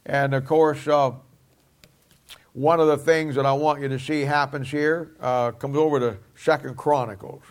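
A man's voice: medium pitch, fairly even intonation, measured pace. Emphatic male Bible teacher. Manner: emphatic, repeats key phrases. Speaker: preacher.

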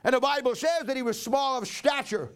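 Man, preacher, folksy dramatic storytelling, high voice. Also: brisk, clear, resonant tone. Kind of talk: sermon.

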